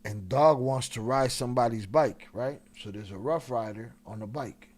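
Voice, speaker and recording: A man hosting a live stream, telling a profane, animated story in a casual way and laughing along. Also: medium pitch, normal speed.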